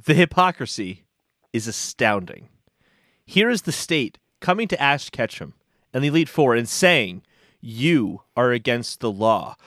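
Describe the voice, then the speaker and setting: A man with a mid-pitched voice argues a comic mock defense, firing off rhetorical questions in an indignant tone. The recording is dry with no room sound. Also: fairly bright tone, dry recording. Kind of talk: comic mock courtroom argument.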